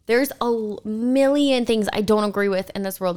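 A woman's voice: mid-range voice, moderate pace, a little mellow, clear, resonant tone. A young woman vlogger in casual chat, talking openly and chattily, full of "like" and "quote unquote".

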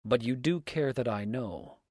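A man voicing a steady, menacing mountain man who speaks low and level. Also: measured pace, no room sound, clean studio sound, natural voice. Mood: deliberate.

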